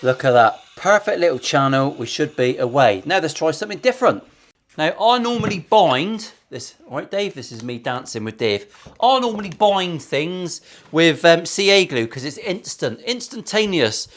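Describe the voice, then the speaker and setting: A man's voice: a little high, sing-song, normal speed, fairly bright tone. A man, a luthier chatting casually and sarcastically while building a guitar in his workshop, swearing freely.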